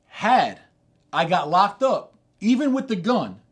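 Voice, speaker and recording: A middle-aged man telling a streetwise, profane story from his life as a sermon, dropping low and quiet, then rising loud and high. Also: sing-song, slow pace.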